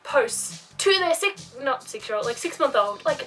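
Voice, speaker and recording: Young woman vlogger in her twenties, high voice, sits back from the mic with faint music underneath; animated, sweary rant. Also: normal speed, hardly any pauses, distant mic, rough recording. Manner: animated and profane, ranting with mocking asides. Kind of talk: casual ranting vlog. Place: home room by a bookcase.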